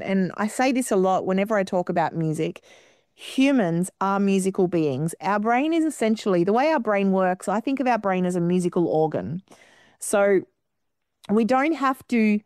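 A woman guest in an interview, explaining her ideas in long, flowing, expressive sentences. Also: mid-range voice, no echo, studio quality. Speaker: guest musician. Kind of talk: radio interview.

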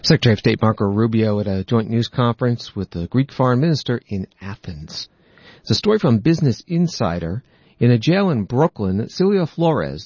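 Low-voiced guy reading the news, dry dull sound. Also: a little mellow, no room sound. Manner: measured, reads from reports. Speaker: news host. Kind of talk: news reading with quoted articles.

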